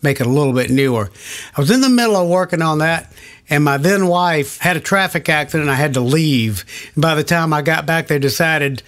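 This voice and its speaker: A man's voice: a little high, brisk, fairly bright tone. An older man recalling past recording sessions in an oral history interview, rambling and searching for names.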